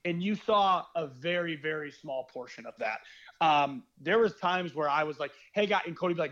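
A young man, a former reality game contestant, telling stories in a rambling, animated casual chat. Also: fairly high pitch, moderate pace, muffled recording. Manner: rambling, animated storytelling with fillers.

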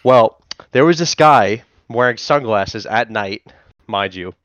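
A man co-hosting a podcast, telling a story in a casual, profane and animated way. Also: lowish voice, slow, no room sound. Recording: dull, dry lo-fi sound.

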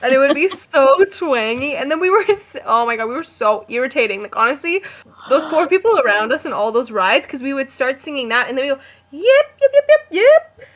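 Young woman chatting w her friend, laughs a lot, kinda high voice. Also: a little fast. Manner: animated storyteller, laughs often. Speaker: co-host. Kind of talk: casual chat.

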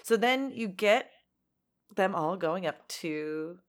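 A woman co-hosting a podcast, musing on a film in a thoughtful, halting way. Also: on the low side, lively intonation. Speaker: podcast co-host. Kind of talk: casual film review chat.

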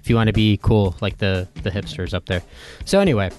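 A man's voice: fairly low pitch, brisk, darkish tone, soft background music. A man co-hosting a podcast, chatting casually through a beer segment, rambling and laughing easily. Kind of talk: casual chat.

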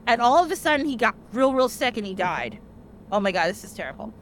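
A young woman hosting a podcast, casually retelling an old tale in a chatty, animated way with lots of "like" fillers. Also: on the high side, fast talker, a little hiss or hum. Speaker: podcast host. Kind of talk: casual storytelling.

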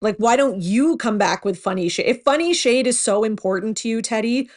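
A woman's voice: a little high, fairly quick. A woman hosting a podcast, chatting casually about reality TV gossip with lots of fillers. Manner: chatty and animated, many fillers, laughs at own jokes. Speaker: podcast host.

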